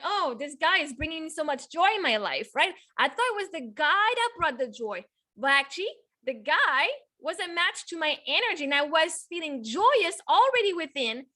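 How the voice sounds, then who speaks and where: A woman's voice: high-pitched, bright, forceful tone. A woman hosting and coaching in a conversational interview, upbeat and affirming as she explains ideas with conviction. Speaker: host and coach.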